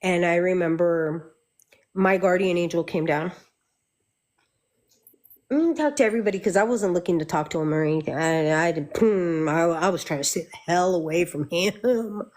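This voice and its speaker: A woman's voice: lowish voice, moderate pace, a little mellow. A middle-aged woman, a Santeria practitioner, chatting candidly and swearing freely as she tells her stories. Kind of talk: casual chat.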